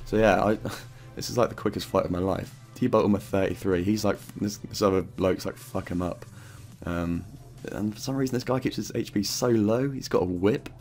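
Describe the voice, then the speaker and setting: Low-voiced man swearing through gameplay commentary. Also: moderate pace, creaky, hardly any pauses, a little mellow, faint music behind. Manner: swears often, loose rambling narration with fillers. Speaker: gaming YouTuber narrating his own gameplay.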